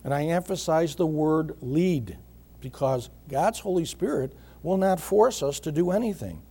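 A middle-aged man delivers a sermon in a husky, mellow voice that sits a little high for a man. He preaches at a measured pace, repeats his key phrases, and often pauses to clear his throat. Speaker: pastor.

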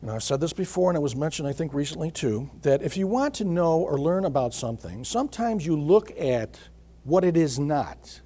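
A middle-aged man preaching a sermon in a measured way, repeating phrases and often clearing his throat. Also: a little high, animated, mellow. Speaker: pastor.

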